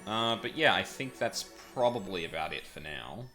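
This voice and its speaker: A man's voice: sits low, animated, normal speed, over music. A man streaming, chatting casually and rambling with lots of fillers and self-corrections. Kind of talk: casual stream wrap-up chat.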